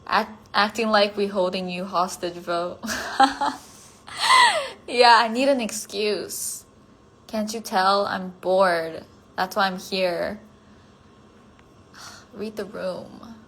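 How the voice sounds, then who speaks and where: Brief: woman hosting a phone livestream, casual and giggly, with a relaxed, unhurried pace. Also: medium pitch, low-quality recording. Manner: giggly, self-conscious, chatty with many fillers. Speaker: livestream host reading fan comments.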